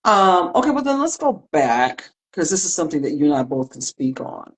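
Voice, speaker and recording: A woman's voice: low voice, sing-song, fairly quick. A woman co-hosting a casual live-stream chat, leading the talk with playful, dry humor. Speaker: co-host.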